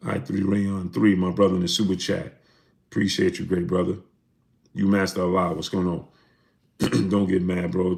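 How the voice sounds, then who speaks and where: A man with a deep, gravelly voice runs a boxing livestream, casually reading super chats. He names viewers in shout-outs and comes across as chatty and defensive.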